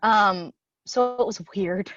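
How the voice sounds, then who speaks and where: A woman's voice: medium pitch, slow, lo-fi sound. A young woman co-hosting a podcast, telling stories in casual chat and acting out what people said. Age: young adult. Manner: storytelling, acts out her own quotes. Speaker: podcast co-host.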